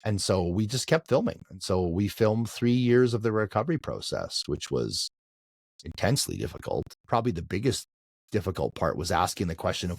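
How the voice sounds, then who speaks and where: A man's voice: low voice, big pitch swings, brisk, gravelly, husky, dry recording, studio quality. A middle-aged man, the guest on an interview, recounting events with a storyteller's manner, restarts and fillers. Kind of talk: conversational interview.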